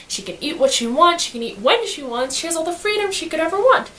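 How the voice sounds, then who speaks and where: A woman giving a casual book summary in slangy, animated storytelling, acting out quotes as she goes. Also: very high-pitched, quick pace, few pauses, a little hiss or hum. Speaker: student reviewer.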